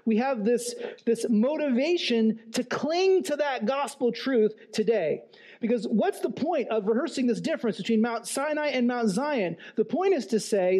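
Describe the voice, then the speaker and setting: High-voiced earnest man preaching. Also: a little mellow. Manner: earnest, rhetorical questions, emphatic repetition. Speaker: pastor. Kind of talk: sermon.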